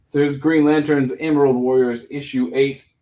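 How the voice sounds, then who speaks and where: A man hosting a live comic book sale, pitching each issue in a joking, profane, auctioneer-style way. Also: little pitch movement, moderate pace, mellow. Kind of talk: casual live-stream sales patter.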